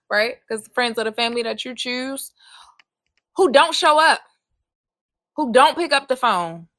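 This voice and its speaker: Woman podcast host, solo monologue: forceful and bright, swears freely, drives points home by repeating them. Dry close recording. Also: high-pitched, no echo. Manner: raw and emphatic, swears often, hammers repeated phrases.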